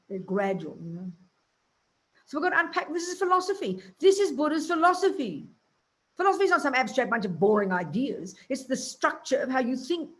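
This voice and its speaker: A woman Buddhist nun giving a teaching talk in a blunt, emphatic, colloquial way. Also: medium pitch.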